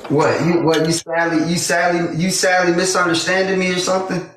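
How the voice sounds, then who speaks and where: High-voiced insistent man, echoey room. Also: level tone, fairly quick, a bit bright. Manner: insistent, raises his voice. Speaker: livestream guest. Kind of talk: casual livestream talk.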